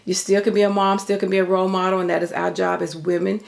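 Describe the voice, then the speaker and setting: A middle-aged woman talks through her crafts at a home table in a loose, rambling vlog, with plenty of ums. Her voice sits a bit low and carries a gravelly edge, and she sounds a little winded. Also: completely flat delivery, quick pace. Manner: chatty, rambling, filler-heavy. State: a bit out of breath. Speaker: craft YouTuber. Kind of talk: casual show-and-tell vlog.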